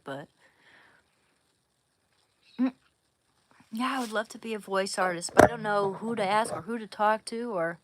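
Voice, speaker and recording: A young woman chatting casually on a livestream at home, giggling and trailing off into soft whispers as she talks to viewers. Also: mid-range voice. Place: home room, indoors.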